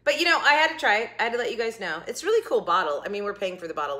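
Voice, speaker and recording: A middle-aged woman hosting a casual food review vlog, chatty and jokey, with quick asides that sometimes drop to a whisper. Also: medium pitch, lively intonation, sharp tone, faint music behind. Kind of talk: casual chat to camera.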